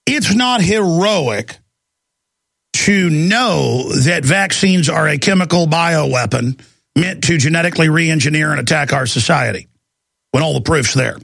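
A man's voice: fairly high pitch, normal speed, creaky, a bit bright, dry recording. A man hosting a call-in talk show, delivering an angry, intense ranting monologue. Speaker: talk show host taking calls.

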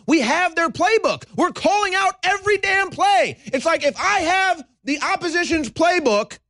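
A man with a high, lively voice rants at his audience, sighing and slipping into mocking voices. He hosts his own show, and the sound is dry and close. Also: dry recording. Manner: fast, animated, mocking voices, sighs. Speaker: host. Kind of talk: ranting monologue.

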